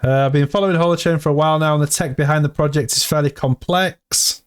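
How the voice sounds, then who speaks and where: Excitable man hyping crypto. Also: on the high side, fast, smooth. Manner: excitable, hyped, talks to viewers as "team". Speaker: crypto vlogger. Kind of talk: casual commentary, reading out an AMA.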